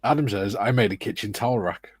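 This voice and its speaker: A man's voice: lowish voice, fast, husky, dry recording, clean studio sound. A man recovering from the flu, casually reading out viewer comments as co-host of a livestream over a video call. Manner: reads out viewer comments, laughs often. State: recovering from flu, phlegmy chest.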